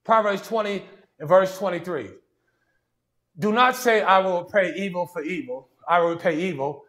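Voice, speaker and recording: A man's voice: high-pitched, normal speed, a bit bright. A man preaching a sermon in a conversational way, often saying "see" and "watch this" and restarting his sentences. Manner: frequent restarts and stammered repeats.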